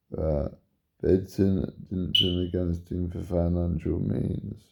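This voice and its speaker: Tired, gravelly-voiced man rambling. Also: fairly even intonation, takes it slowly, a little mellow. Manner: meandering, repeats himself, sudden pitch jumps. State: tired, yawning. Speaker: vlogger. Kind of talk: rambling monologue to camera.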